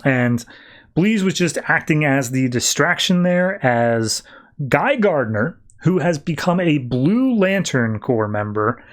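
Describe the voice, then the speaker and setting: A man's voice: a little high, animated, slow. A man hosting a podcast, casually recapping a comic with lots of fillers. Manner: chatty, many "like" fillers. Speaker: podcast host.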